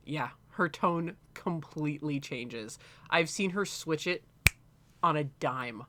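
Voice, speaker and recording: A man's voice: a little high, slow, pushed and bright. A man co-hosting a stream, chatting casually, rambling with frequent laughter and swearing. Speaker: streamer co-host. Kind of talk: casual chat.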